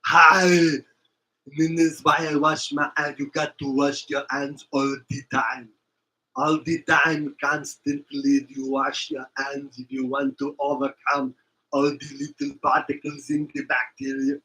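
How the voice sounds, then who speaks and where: A man doing a comic impression of an older action-movie muscleman, making slow, emphatic, repetitive pronouncements. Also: mid-range voice, little pitch movement, bright, forceful tone, poor audio. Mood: mock-serious.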